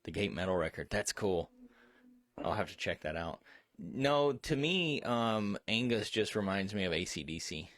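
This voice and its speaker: A man co-hosting a casual chat, rambling, profane and quick to get excited. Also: on the low side, no room sound. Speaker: co-host.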